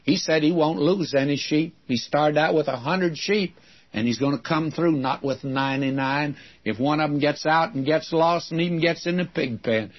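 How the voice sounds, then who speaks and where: Older male preacher, husky, folksy and unhurried storyteller, dull lo-fi recording. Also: fairly high pitch. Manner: folksy storytelling, mimics voices in anecdotes. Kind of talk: radio Bible-teaching sermon.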